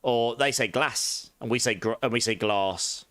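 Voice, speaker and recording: A man's voice: medium pitch, quick pace, dry recording. A man from England with a London and Essex accent touched with posh, chatting casually and answering his chat during a live game stream. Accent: London and Essex English with a posh touch. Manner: chatty, relaxed, reads and answers chat, laughs often.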